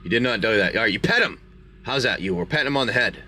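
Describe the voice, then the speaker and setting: A man's voice: mid-range voice, expressive, fast talker, bright, forceful tone, a little hiss or hum. A man hosting a live stream, chatty and rambling as he narrates a tabletop game and opens card packs. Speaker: game master and card-break host.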